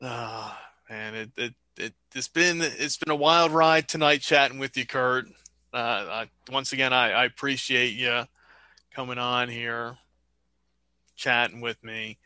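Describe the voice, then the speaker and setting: A man's voice: medium pitch, unhurried, bright, forceful tone, no echo. A man hosting a podcast in casual chat, laid-back and laughing along with his guest. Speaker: podcast host.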